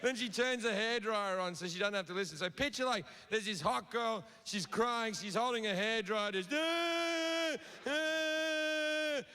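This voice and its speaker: A man's voice: high voice, normal speed, few pauses, pushed and bright, smooth. A man doing a crude stand-up comedy set on a theatre stage, telling a story and acting out the voices in it. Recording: reverberant live theatre recording with audience.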